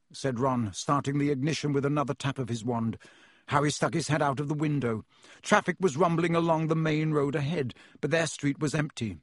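A man reading a storybook aloud in a measured, vivid narration. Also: on the high side, breathy edge, no echo, studio quality. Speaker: audiobook narrator.

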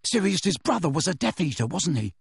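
A man reading aloud and voicing a worried teenage wizard boy who speaks in an uneasy, hushed way. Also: fairly high pitch, sing-song, brisk, vocal fry, husky, no room sound, clean studio sound, voice pushed up, heavily acted.

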